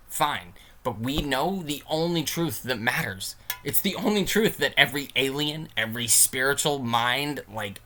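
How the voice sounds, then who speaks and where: A man vlogging a casual philosophy rant to his viewers, animated and profane, with emphatic bursts. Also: mid-range voice.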